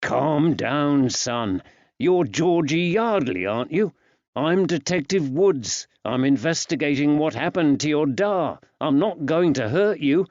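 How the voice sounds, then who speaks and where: A man reading an audiobook, voicing a steady police detective who speaks in a firm, soothing, reassuring way, a touch raised and louder than his narration. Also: fairly high pitch, unhurried, dry recording, muffled recording, pitched above the performer's own voice.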